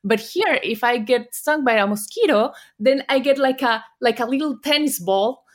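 Woman, Mexican Spanish accent, fairly high voice, interview guest, laughs a lot, animated storytelling. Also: normal speed. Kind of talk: casual interview chat.

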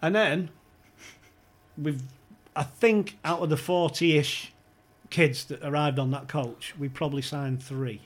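Taking his time, a man with a fairly high voice tells a comic football anecdote as a guest on a podcast. He's an animated narrator who acts out the quotes and laughs a lot.

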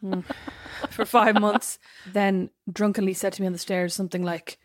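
A woman chatting casually as a podcast co-host, telling animated stories and acting out quotes. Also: medium pitch, moderate pace, dry recording, studio quality. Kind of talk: casual chat.

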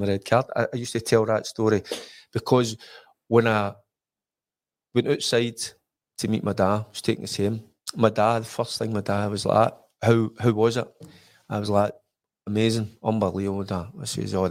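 A middle-aged Scottish man in casual conversation, his voice sitting fairly low. He tells stories with lots of restarts and acts out the voices of the people he quotes. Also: creaky. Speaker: former footballer, guest. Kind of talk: casual anecdotal chat.

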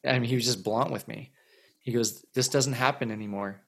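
A man in his thirties tells a long story as a musician guest. His voice sits at an ordinary middle pitch. He rambles along, circling back with repeated words and plenty of fillers. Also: a little fast, creaky, fairly bright tone. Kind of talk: casual storytelling interview.

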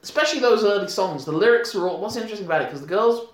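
A man's voice: high voice, lively intonation, rapid-fire. A man co-hosting a podcast, chatting casually about a film, rambling with lots of restarts and laughs. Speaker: podcast co-host. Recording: echoey room.

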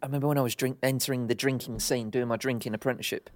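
A man's voice: medium pitch, steady tone, very fast. Joking man co-hosting a podcast. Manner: joking, banters with his wife. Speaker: podcast co-host. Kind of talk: casual chat.

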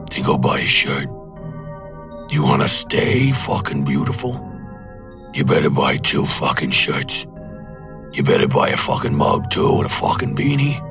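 A menacing, foul-mouthed merch pusher, as a podcast host puts him on, growling in an extremely deep, gravelly register. He leans in with threats and swearing, and a music bed plays under him. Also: exaggerated voice. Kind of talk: aggressive tough-guy ad read.

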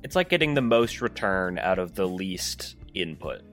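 A man who runs the group's game, calmly explaining things in casual podcast chat. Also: sits low, moderate pace, soft background music. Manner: calm and explanatory. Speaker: game master and podcast co-host.

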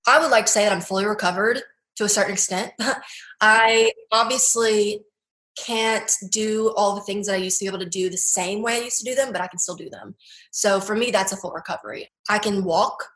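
Young adult woman guest, earnest and halting, filler-heavy, recorded in an echoey room. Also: medium pitch, fairly bright tone. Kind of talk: personal testimony interview.

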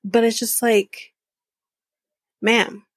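A woman's voice: medium pitch, unhurried, creaky, slightly rough, no echo. A woman hosting a podcast, recapping a reality show in a casual, profane and sarcastic way, often laughing. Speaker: podcast host.

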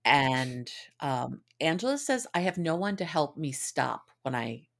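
A woman with a low voice co-hosting a casual recap podcast, her pitch moving widely as she talks. She gives reflective takes drawn from her own therapy and agrees emphatically. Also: animated, a little slow, gravelly. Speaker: podcast co-host.

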